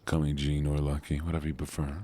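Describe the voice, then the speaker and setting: A tired, soft-spoken man streaming from home, chatting in a groggy morning voice with drifting pauses. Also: rumbling low, monotone, soft background music.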